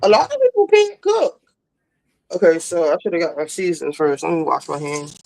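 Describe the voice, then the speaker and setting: A woman's voice: low voice, big pitch swings, a little fast, gravelly, a little mellow, rough recording. A woman hosting a casual chat show, asking lots of questions while she cooks. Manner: chatty, asks lots of questions. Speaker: show host.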